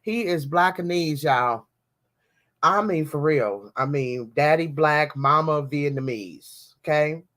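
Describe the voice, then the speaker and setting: A woman's voice: low-pitched, slow pace. A woman hosting a podcast, talking to her listeners in an easygoing, chatty way. She tells her stories with plenty of slang and keeps calling out to them as y'all. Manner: animated storytelling with slang, addressing listeners as y'all. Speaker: podcast host. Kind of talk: casual chat.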